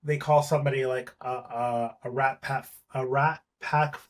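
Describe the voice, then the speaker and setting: A man, an actor guest, in casual chat, telling animated stories and swearing freely. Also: mid-range voice, a little slow. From Palestinian family.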